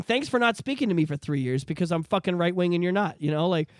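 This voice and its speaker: Man from Canada, high-pitched, dry close sound, animated swearing rant, podcast host. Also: quick pace, hardly any pauses, dry recording. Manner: animated, profane ranting with repetitions. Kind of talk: casual political chat.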